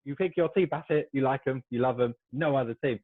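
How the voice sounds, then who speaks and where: Guest: British man, rapid easy chat, thin phone-like sound. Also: medium pitch. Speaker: podcast guest. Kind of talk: casual chat. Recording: tinny phone-like line.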